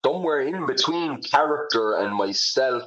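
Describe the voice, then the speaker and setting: A man's voice: medium pitch, expressive, moderate pace, a bit bright, muffled recording. A young Irish man, a comedian, chatting casually in an interview, self-deprecating, with lots of fillers. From Ireland. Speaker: comedian guest.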